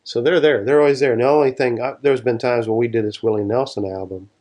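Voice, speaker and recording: A man of medium pitch talks fast with fairly even intonation and a slightly mellow quality. Guesting on an interview, this session guitarist tells relaxed, meandering stories, often starting sentences over.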